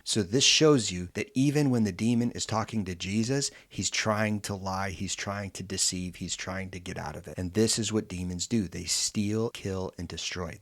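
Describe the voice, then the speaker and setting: Guy explaining bible stories, lowish voice, dry close sound, asks himself questions then answers. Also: no echo. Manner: conversational, emphatic, asks and answers his own questions. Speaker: Bible teacher. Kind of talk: casual Bible teaching.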